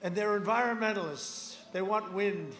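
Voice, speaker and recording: A man in his seventies giving a rambling campaign rally speech, swinging between shouted lines and muttered asides. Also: high voice, normal speed. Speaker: political speaker at a rally. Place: large outdoor rally. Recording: echoey outdoor rally with crowd noise.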